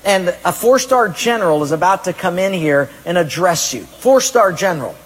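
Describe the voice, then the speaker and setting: Man, pastor, emphatic sermon, husky voice, long hall reverb. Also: high-pitched, lively intonation, moderate pace. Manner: emphatic preaching, acts out excuses in a raised voice.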